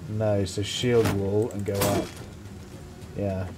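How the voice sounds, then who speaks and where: A man commentating his own strategy gameplay, swearing freely and getting loud when the fight turns. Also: fairly low pitch, slow pace, over music. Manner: excitable, swears a lot, mocks enemies. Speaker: let's play host.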